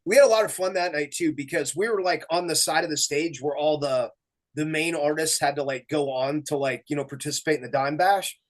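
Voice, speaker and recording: A man's voice: fairly high pitch, brisk. A man, a guest musician, telling road stories in casual chat, acting out quotes and laughing often.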